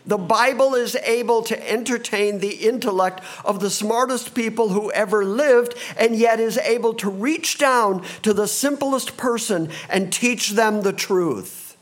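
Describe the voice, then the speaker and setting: A man preaching a sermon as a pastor, animated and expressive, sometimes acting out confused voices from the passage. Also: high-pitched, measured pace, hardly any pauses.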